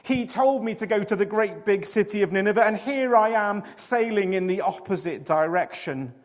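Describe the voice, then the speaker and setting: A man voicing a reluctant, groaning adult male prophet who talks in a loud, strained, whiny way. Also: fairly high pitch, sing-song, takes it slowly, long reverb tail, heavily acted. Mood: resigned.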